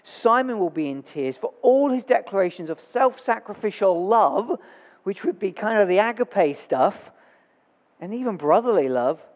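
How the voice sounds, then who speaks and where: A man with a high voice delivers a sermon in a conversational tone. He stops to correct himself and reads scripture aloud as he goes. The recording sounds dull and muffled, and a long reverb fills the church. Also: big pitch swings, moderate pace. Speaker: preacher.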